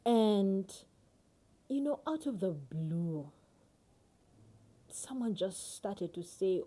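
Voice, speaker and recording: Slow, earnest woman teaching scripture. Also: mid-range voice, expressive, slightly rough. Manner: earnest and emotional, often dropping to a hushed near-whisper. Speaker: Bible study teacher. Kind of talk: personal devotional teaching.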